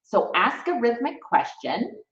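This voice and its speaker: A woman's voice: on the high side, very animated, measured pace. A woman teaching music theory in a live stream, chatty and encouraging, reading out viewers' comments as she goes. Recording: roomy, distant, slightly dull mic.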